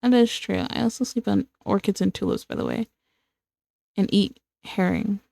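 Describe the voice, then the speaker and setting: A woman's voice: mid-range voice, sing-song, normal speed, gravelly, darkish tone, dry recording, studio quality. A young American woman chatting casually with her stream while drawing, rambling and repeating herself with self-mocking asides. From United States.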